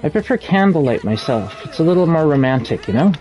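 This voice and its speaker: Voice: mid-range voice, very animated, quick pace, background noise. Playful teasing live-stream game commentator. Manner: playful, teasing the players being hunted. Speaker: streamer playing a killer in a horror game.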